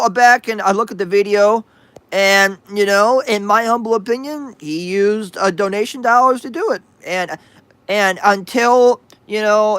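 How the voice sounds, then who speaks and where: A man's voice: high-pitched, fairly bright tone, clear, resonant tone, no echo. A man hosting a livestream, reading chat aloud with crude sarcasm and frequent hesitations. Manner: sarcastic, profane, hesitant with many uhs.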